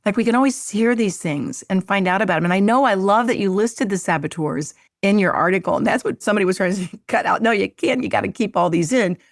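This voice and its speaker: A woman hosting a podcast in casual conversation, effusive and gushing, quick to laugh. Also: medium pitch, gravelly, dry recording, clean studio sound. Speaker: podcast host.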